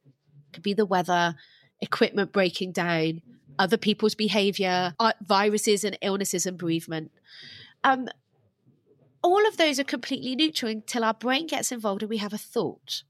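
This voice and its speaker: A woman, a podcast guest and life coach telling her own story candidly over a video call, animated and self-deprecating. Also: medium pitch, normal speed, dry recording. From England.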